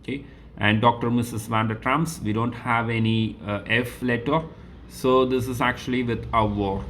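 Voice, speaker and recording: A man teaching French grammar as a lesson, going through exercises slowly, repeating sentences and spelling words out letter by letter. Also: fairly low pitch, fairly even intonation, a bit bright, a little hiss or hum. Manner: frequent "okay" and "so" fillers. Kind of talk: classroom lesson walkthrough.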